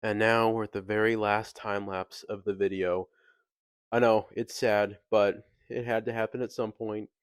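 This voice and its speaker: A man's voice: lowish voice, level tone, normal speed, clean tone. Tired young man narrating a voice-over. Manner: casual, self-mocking. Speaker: vlogger.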